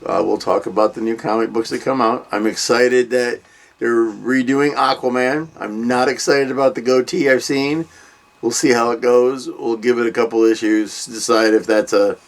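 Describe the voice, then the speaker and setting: A man's voice: medium pitch, fairly even intonation, normal speed. An older man hosting a comic book review vlog, chatting in a loose, rambling way with many ums and trailing asides. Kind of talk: casual vlog chat.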